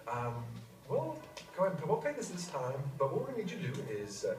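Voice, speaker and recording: Dude playing a shifty customer dodging the bill, bouncy voice, echoey far-off playback. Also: male voice, fairly high pitch, wildly swooping pitch, quick pace, a little mellow, a little hiss or hum. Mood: evasive. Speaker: restaurant customer refusing to pay. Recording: video played in echoey hall.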